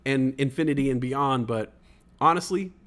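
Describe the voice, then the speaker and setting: A man of ordinary middle pitch hosts a loose livestream podcast. He rambles through chat comments, excitable and self-deprecating, with casual swearing. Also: normal speed. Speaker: podcast host reading live chat.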